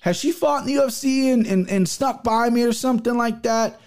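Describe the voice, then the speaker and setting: A man's voice: very high voice, fairly quick, a little mellow. A young man giving casual MMA betting picks, profane and rambling, with many restarts. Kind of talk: casual solo picks show.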